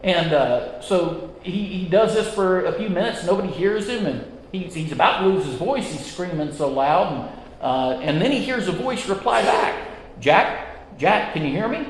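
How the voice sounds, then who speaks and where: A man's voice: high voice, expressive, moderate pace, a little hiss or hum. Chatty, joking man in an echoey hall. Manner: chatty, self-deprecating, joke-telling. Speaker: Sunday school teacher. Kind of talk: Sunday school lesson.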